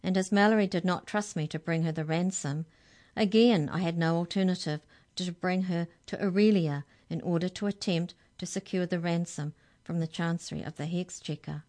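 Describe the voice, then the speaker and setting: Kiwi woman doing an aggrieved, formal tooth fairy mouse, low and measured, storybook. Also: fairly even intonation, a little mellow, close to an everyday voice.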